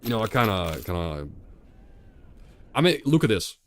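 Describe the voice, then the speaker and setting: A man's voice: lowish voice, big pitch swings, moderate pace, dry recording. A young man streaming a video game, rambling and sarcastic, often repeating himself. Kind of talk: casual gameplay commentary.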